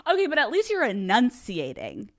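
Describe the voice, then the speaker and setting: Chatty woman host, slightly high voice. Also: huge pitch swings, normal speed. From outside Philadelphia. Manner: chatty and swearing freely. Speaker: podcast host. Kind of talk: casual interview chat.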